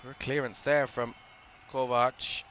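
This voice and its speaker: A man giving relaxed live play-by-play commentary on a football match for a watchalong stream, chatty and a little drowsy, yawning now and then and correcting himself as he goes. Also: mid-range voice, takes it slowly, a little hiss or hum. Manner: relaxed, chatty, thinking aloud with small self-corrections.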